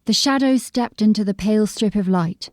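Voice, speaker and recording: A woman narrating a fantasy audiobook in a measured, descriptive storytelling manner. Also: medium pitch, no echo, studio quality. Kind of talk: scripted narration.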